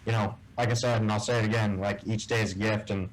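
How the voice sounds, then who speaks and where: Animated man telling a story. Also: on the low side, fast, a little hiss or hum, rough recording. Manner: animated storyteller who acts out quoted dialogue. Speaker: guest, tournament bass angler. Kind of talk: casual storytelling in an interview.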